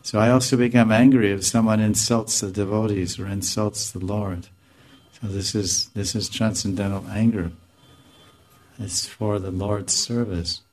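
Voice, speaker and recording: A man speaking as a spiritual teacher, answering a question in a relaxed, conversational discourse and often stopping to correct himself. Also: fairly low pitch, unhurried. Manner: conversational, self-correcting, chuckling now and then.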